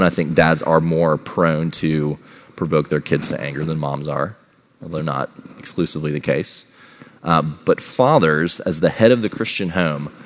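A middle-aged man giving a sermon as a pastor, conversational and checking in with the congregation. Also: very deep voice. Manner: conversational, checks in with "all right?".

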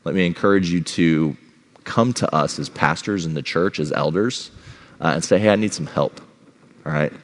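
A man's voice: sits low, moderate pace. A middle-aged man giving a sermon as a pastor, conversational and checking in with the congregation. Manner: conversational, checks in with "all right?".

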